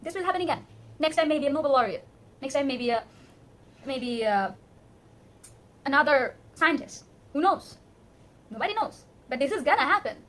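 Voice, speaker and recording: A woman's voice: high voice, expressive, normal speed, pauses often, fairly bright tone. A young woman from Bangladesh with a Bangladeshi accent, delivering an emotional, pleading rant to camera in English as a second language. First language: Bengali. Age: young adult. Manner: impassioned, pleading, emphatic. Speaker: vlogger.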